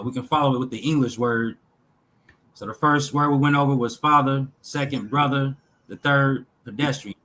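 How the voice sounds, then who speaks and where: A man reads through lists of words at an unhurried, very slow pace, pausing after each item. His delivery is measured and deliberate, like someone working through a text aloud. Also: medium pitch, fairly bright tone, rough recording. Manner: slow, measured reading with pauses between list items. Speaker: talk show host reading linguistic examples.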